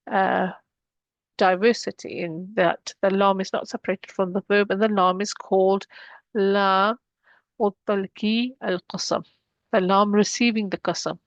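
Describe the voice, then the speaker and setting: Lady teaching arabic grammar, slow careful explaining, dead dry mic. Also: medium pitch, no echo. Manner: explains steps patiently, mixing English with Arabic terms. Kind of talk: online grammar lesson.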